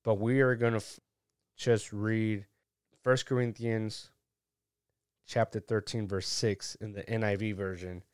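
A man preaching in a relaxed, conversational way, taking his time over every phrase. His voice is clear and smooth, with a dry, close sound and no room echo. He often laughs at himself between points. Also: fairly low pitch, unhurried, long pauses. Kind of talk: casual conversational sermon.

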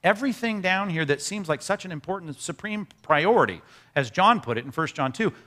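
His pitch sits high as he preaches, talking to the congregation like friends and slipping in rapid asides. The energy stays animated throughout the sermon.

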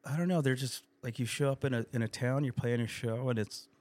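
A man as a podcast guest, swearing constantly in animated, casual storytelling. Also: mid-range voice, brisk. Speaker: guest musician.

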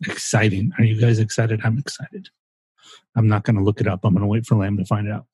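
A man's voice: on the low side, little pitch movement, a little fast, a little mellow, breathy edge, dry recording. A man co-hosting a casual podcast, rambling and joking with the odd swear word. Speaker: podcast co-host. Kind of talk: casual chat.

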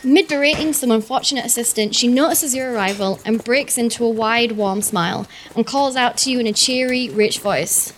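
A woman's voice: on the high side, moderate pace, few pauses, a little hiss or hum. Woman narrating a tabletop game. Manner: descriptive, steady scene-setting. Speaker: game master.

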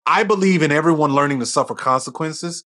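A man's voice: on the high side, quick pace, a bit bright. A middle-aged man as a podcast guest, telling stories in casual conversation and acting out quoted dialogue.

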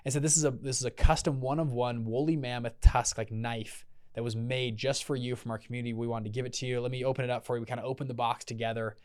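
Young guy podcast host, talks quick, acts out everyone in his story. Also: mid-range voice, clean tone. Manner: animated, acts out quoted voices. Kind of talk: casual storytelling.

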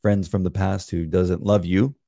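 A middle-aged man with a very deep, gravelly voice co-hosts a casual podcast. He asks gentle questions and often hesitates with fillers. The tone stays relaxed and conversational. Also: moderate pace. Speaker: podcast co-host.

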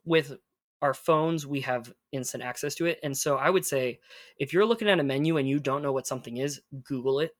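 A man teaching conversational Spanish, patiently explaining and modeling phrases slowly. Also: mid-range voice, fairly bright tone, dry recording, clean studio sound.

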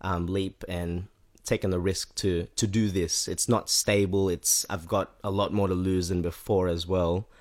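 A man's voice: sits low, level tone, measured pace, a little mellow. A man talks casually on a podcast. He rambles, restarts his sentences and fills the gaps with "um" and "like". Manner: rambling, self-correcting, with lots of fillers. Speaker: podcast guest, rapper. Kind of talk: casual chat.

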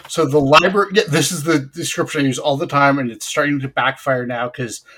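A man who is a database consultant, guest on a casual podcast, explaining his work in a relaxed way with everyday examples. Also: medium pitch, brisk.

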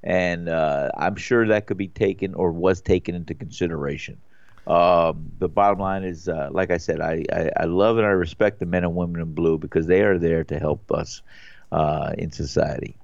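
A man hosting a talk show, speaking casually and haltingly, with many fillers. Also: low-pitched, steady tone, vocal fry, darkish tone, no room sound. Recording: dull, dry studio sound.

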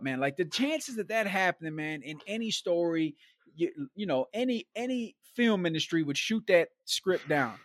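A man's voice: sits high, moderate pace, dry recording, clean studio sound. A man telling a long story in a casual, rambling way, with lots of fillers and slang asides. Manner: rambling and animated, heavy on fillers like "like", "man" and "bro". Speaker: guest storyteller.

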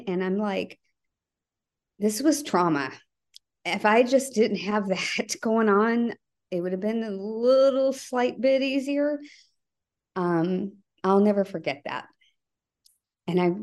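A middle-aged woman, a guest on a podcast, recounting events in an earnest, halting way, with frequent restarts and asides. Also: medium pitch, a little mellow. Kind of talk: conversational interview storytelling.

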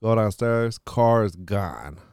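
A man's voice: on the low side, slow pace, smooth, no room sound, studio quality. A man hosting a podcast, telling a long story in casual chat, swearing often and filling his talk with "like". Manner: profane, animated storytelling with frequent "like". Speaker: podcast host.

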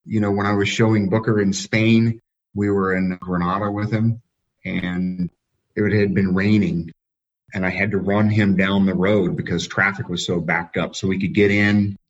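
A man, a dog-breeder guest on a podcast, telling relaxed anecdotes in a casual way. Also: deep voice, moderate pace. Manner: relaxed, anecdotal, chuckles at his own stories. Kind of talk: casual storytelling. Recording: dull lo-fi sound.

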